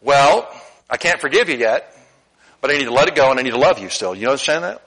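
A middle-aged man preaching a sermon in a church, candid and animated, swinging between loud emphasis and quiet asides. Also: medium pitch, a little fast, low-quality recording. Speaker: pastor. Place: church sanctuary.

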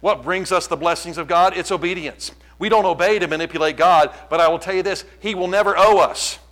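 Preacher guy, bright forceful voice, gets fired up then goes quiet. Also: on the high side, fairly even intonation, quick pace, low-quality recording. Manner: impassioned, swings from quiet to loud. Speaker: pastor. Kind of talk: sermon.

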